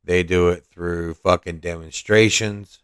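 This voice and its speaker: A man's voice: low-pitched, steady tone, a little slow, clean tone, dry recording, clean studio sound. A man hosting a podcast, giving profane, mocking and combative political commentary. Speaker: podcast host.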